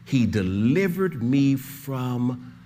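An older man preaching a sermon as pastor, swinging from shouted pleading to hushed, low emphasis. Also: sing-song, extremely slow, a little hiss or hum.

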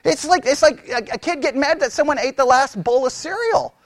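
A Bible teacher giving a conversational sermon, animated and exasperated, who mocks his opponents in raised voices. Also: sits high, a little fast, dry recording, studio quality.

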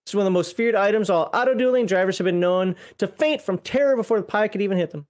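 A co-host in a relaxed chat who reads rulebook entries aloud and breaks off into laughs and jokes. The pitch sits in the middle, and the talk is easy and unhurried. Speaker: co-host reviewing a game book.

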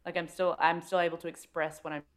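A woman's voice: lowish voice, little pitch movement, quick pace. An Australian woman co-hosting a podcast, talking frankly and with feeling, swearing freely in casual chat. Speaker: podcast co-host.

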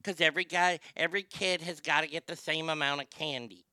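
Middle-aged male comic host, profane ranter, crisp clear tone, loud-to-muttered swings. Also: a little high, fairly even intonation, brisk, hardly any pauses, no echo, studio quality. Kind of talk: casual comedic rant.

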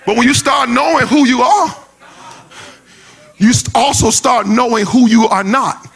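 A man preaching a sermon in a shouting, sing-song cadence, repeating phrases and calling out to the congregation in a folksy way. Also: very high voice, unhurried, vocal fry, slightly rough. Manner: folksy, repetitive call-outs to the congregation.

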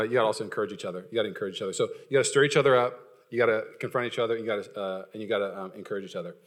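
A man's voice: fairly low pitch, a bit bright. A young adult male pastor preaching a casual, joking sermon, full of fillers and restarts.

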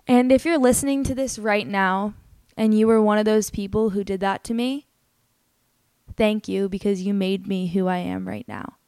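A woman's voice: medium pitch, steady tone, moderate pace, dark tone, clean tone, no echo. Earnest young woman telling a personal story. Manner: earnest, candid and emotional, with many "like" fillers. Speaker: podcast host.

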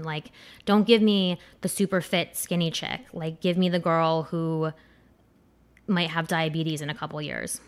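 A woman's voice: low voice, a bit bright. A young woman giving a casual, rambling countdown commentary, crude and full of fillers like "like" and "um". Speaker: commentator ranking adult performers.

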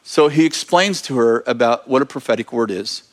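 A man telling a lively story in a sermon, laughing as he talks. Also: medium pitch, normal speed.

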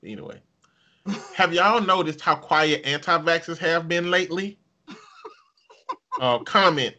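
A man with a Southern US accent, co-hosting a casual comedy podcast and telling animated stories. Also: measured pace, pauses often. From American South. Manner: animated storyteller, breaks into loud high-pitched outbursts. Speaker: podcast co-host.

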